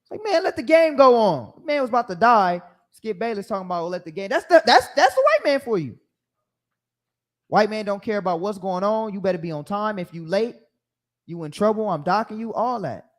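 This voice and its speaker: A man giving an animated, sermon-style Bible teaching, telling stories and acting out the voices of others. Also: sits high, brisk.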